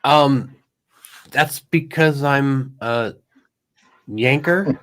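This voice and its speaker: A man's voice: medium pitch, extremely slow, fairly bright tone. A man from Northern Illinois with a Midwestern American accent, a guest on a casual chat, talking in a sheepish, self-deprecating way. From Northern Illinois, USA.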